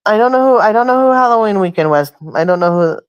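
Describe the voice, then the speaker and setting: A woman's voice: mid-range voice, expressive, fast talker, smooth, no echo, muffled recording. A woman hosting a casual chat, telling a long rambling story and swearing freely. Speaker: host.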